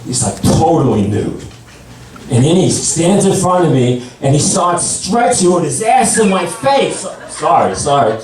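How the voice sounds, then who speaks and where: A man in his sixties working a stand-up set in a comedy club, with a fairly high voice and lively, swooping pitch. He lands each punchline deadpan. The sound is distant and bounces hard off the walls of the room. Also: measured pace. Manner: deadpan one-liners, voices others in a higher pitch. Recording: echoey club, voice from far off.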